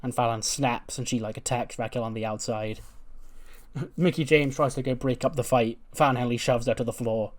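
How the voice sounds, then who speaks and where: A man's voice: medium pitch, steady tone, moderate pace. A man with a mid-range voice tells a wrestling sim story in a casual, rambling way. His storytelling is loose and full of fillers. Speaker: gaming video host.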